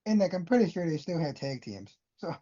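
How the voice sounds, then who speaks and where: Laid-back co-host with a mellow, warm voice; short casual remarks over a dull recording. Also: mid-range voice, sing-song, brisk. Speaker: podcast co-host. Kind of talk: casual wrestling chat.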